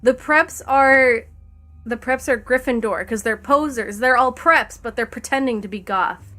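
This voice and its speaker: Higher-voiced woman reading fanfic aloud. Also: moderate pace, sharp tone, faint music behind. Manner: breaks off laughing, wry asides. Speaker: streamer.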